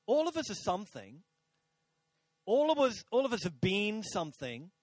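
A man's voice: sits high, wildly swooping pitch, normal speed, no room sound. A man preaching a sermon to a congregation in a church, chatty and jokey, talking with the crowd. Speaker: pastor. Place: church auditorium.

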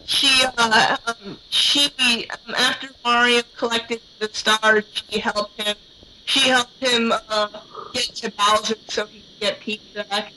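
A woman's voice: on the high side, fairly even intonation, slow pace, bright, forceful tone, poor audio. A woman in a casual chat, talking hesitantly and filling her sentences with "you know" and "I mean.". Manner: hesitant, many fillers.

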